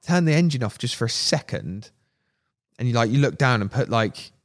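Lively man telling a fishing story. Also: mid-range voice, normal speed. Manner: animated, laughing, acts out quotes. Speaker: podcast guest. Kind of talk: casual storytelling.

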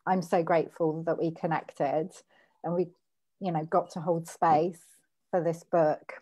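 A woman publisher interviewing an author on a video call, speaking softly and heartfelt, at times nearly whispering. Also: fairly low pitch, level tone, a little slow. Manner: soft-spoken, heartfelt, drifts to near whisper.

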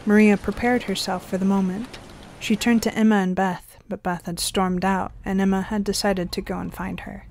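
A woman's voice: medium pitch, level tone, normal speed, a little mellow. A woman narrating an audio story, reading the dialogue in lightly varied voices.

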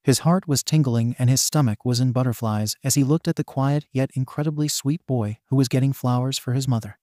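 A man reading a fan-fiction story aloud as scripted narration, in an even storybook manner. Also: mid-range voice, brisk, no echo, clean studio sound.

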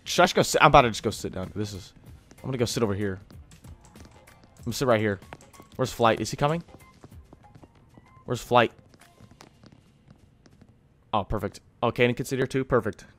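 A man casually commentating his own gameplay in a chatty, excitable way, calling everyone dude. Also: medium pitch, moderate pace, long pauses, faint music behind. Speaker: gaming streamer.

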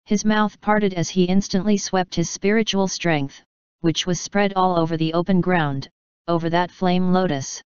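A woman narrating a fantasy web novel audiobook with a steady, even storytelling read. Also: on the low side, clear, resonant tone, dry recording. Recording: dull lo-fi dry recording.

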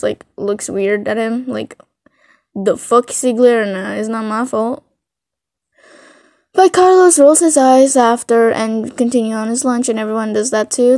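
A woman tells an improvised fan story in a rambling, casual way, filling gaps with constant fillers. Her voice is somewhat high and mellow, recorded dry and close. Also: no echo. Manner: rambling, filler-heavy, giggly.

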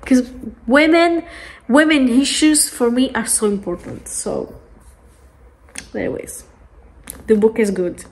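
An angry woman vlogger rants from home, swearing freely and hammering her points with repeats. Her voice sits a little high, and she drags her words out slowly. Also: a little mellow. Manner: angry, profane, emphatic ranting. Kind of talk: ranting vlog chat. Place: lying down at home.

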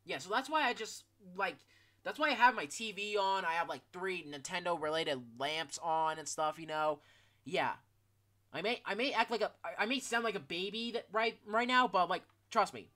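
Rambling bright-voiced teen gamer. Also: medium pitch, normal speed. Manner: rambling, filler-heavy, swears casually. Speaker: gaming YouTuber. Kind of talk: casual gameplay commentary.

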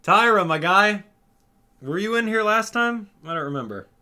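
Exasperated man doing lively game commentary. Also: high-pitched, moderate pace. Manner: exasperated, animated, talks straight to viewers. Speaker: gaming channel host.

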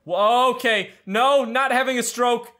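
A man's voice: very high-pitched, a little slow, sharp tone. A man giving panicky, joking commentary over a game he is playing. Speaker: gaming YouTuber. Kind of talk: let's play commentary.

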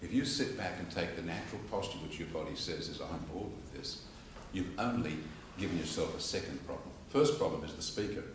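An Australian man teaches public speaking to a live audience, and he tells stories and acts out the people in them. His voice sits a little low. It sounds like an echoey hall picked up from some distance away. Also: quick pace, hardly any pauses, noisy background. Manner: animated storyteller, acts out quotes and laughs along. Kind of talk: informal lecture with demonstrations.

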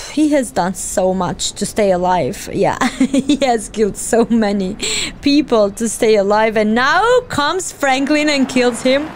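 A woman's voice: fairly high pitch, a little slow, a little hiss or hum. Emotional woman reacting to a game. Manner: sing-song, teary, laughing. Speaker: gaming channel host.

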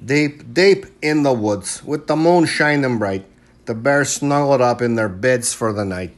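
A man reading a children's picture book aloud, halting often with small fillers. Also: mid-range voice, animated. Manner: slow and halting, frequent "uh" fillers. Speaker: storybook reader.

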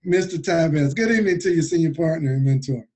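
A man's voice: fairly high pitch, quick pace, a little mellow, poor audio. A man hosting a conference call, introducing a speaker effusively. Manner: effusive, enthusiastic. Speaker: call host.

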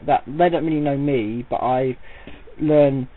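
A man's voice: mid-range voice, measured pace. A man rambling through an audio-only vlog, working himself up into an indignant rant. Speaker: vlogger. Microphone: voice recorded without camera. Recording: tinny, phone-like lo-fi audio.

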